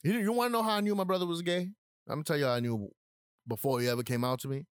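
A man's voice: fairly high pitch, racing, clear, resonant tone, no echo, studio quality. A young man from New York, a podcast co-host telling a family story in casual chat, swearing freely and acting out what people said. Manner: animated, swearing, acts out quotes.

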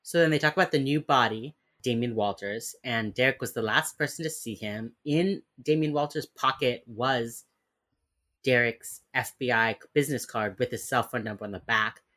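A woman with an extremely low, somewhat bright voice co-hosts a podcast, chatting casually at normal speed to recap a TV episode. She swears and animatedly acts out the characters' lines.

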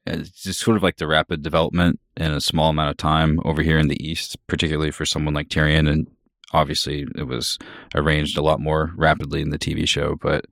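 A man co-hosting a podcast in casual book-discussion chat, thinking aloud with pauses and restarts. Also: a bass voice, flat delivery, creaky, a bit bright, dry recording, clean studio sound. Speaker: podcast co-host.

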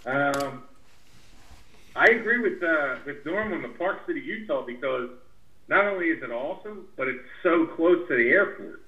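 A man's voice: a little high, lively intonation, moderate pace, echoey room, highs cut off. A man joining a podcast as a guest, chatting casually and hesitantly with many fillers. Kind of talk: casual chat.

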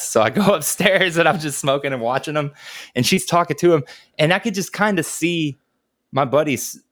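A man's voice: mid-range voice, moderate pace, a bit bright. A man in his thirties telling stories in a casual, laid-back chat, swearing freely and chuckling as he goes. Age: 30s.

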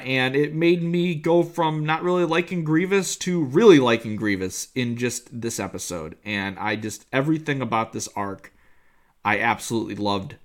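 A man co-hosting a casual chat show, talking with excitement and wandering through his points with plenty of fillers. His voice sits at an ordinary middle pitch. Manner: enthusiastic, rambling with many fillers. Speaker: podcast co-host. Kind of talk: casual chat reviewing an episode.

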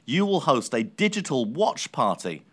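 A man co-hosting a football podcast, talking in a measured way with dry, teasing humor. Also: medium pitch, very animated. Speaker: podcast co-host. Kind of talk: casual football chat.

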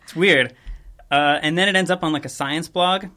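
A young man hosting a podcast, telling a story in casual chat with a laid-back, rambling manner and quick chuckles. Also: a little high, sharp tone. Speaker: podcast host.

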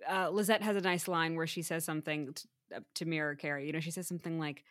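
A woman's voice: sits low, steady tone, no room sound, clean studio sound. A woman co-hosting a podcast, chatting about a TV episode with eager agreement and easy laughter. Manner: enthusiastic, quick agreeing, laughs easily. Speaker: podcast co-host. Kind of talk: casual recap chat.

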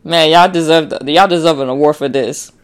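Profane, slangy woman podcaster with a low voice. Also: fairly quick, clean tone. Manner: profane, animated storytelling with acted-out quotes; slangy, frequent fillers like "like" and "you know". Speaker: podcast host. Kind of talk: casual solo podcast monologue.

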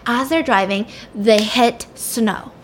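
A woman's voice: fairly high pitch, slow. Chatty woman telling a story. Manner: chatty, filled with "like". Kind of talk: casual fiction storytelling.

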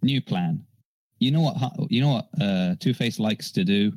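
A man playing a tabletop game, talking through plans in a relaxed, joking way. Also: on the low side, moderate pace, no room sound, poor audio. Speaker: player. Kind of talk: casual tabletop chat.

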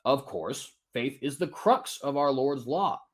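A man's voice: mid-range voice, animated, unhurried. Emphatic man reading scripture in debate. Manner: reads long scripture passages aloud, stops to correct his own slips; emphatic, with folksy idioms between quotes. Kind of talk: formal debate opening statement.

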